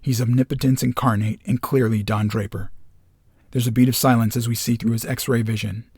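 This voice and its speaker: A man reading a screenplay aloud, speaking the scene directions in short, measured phrases with a husky voice. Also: mid-range voice, flat delivery, darkish tone, dry recording, studio quality. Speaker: script reader.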